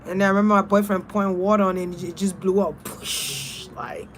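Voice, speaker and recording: A young adult woman spiritual reader talking in a casual vlog, blunt, animated and freely profane. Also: mid-range voice, brisk, slight background noise.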